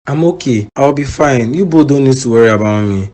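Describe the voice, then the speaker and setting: A man's voice: medium pitch, animated, brisk, a little mellow, close to an everyday voice. A man voicing an injured, regretful father. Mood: pleading. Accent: Nigerian. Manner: weak, pleading. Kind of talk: cartoon voice acting.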